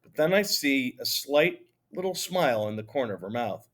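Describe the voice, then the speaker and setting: A man narrating a children's novel in the first person, easy and conversational. His voice sits in a middling pitch and carries the story along with a lively touch. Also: normal speed. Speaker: audiobook narrator.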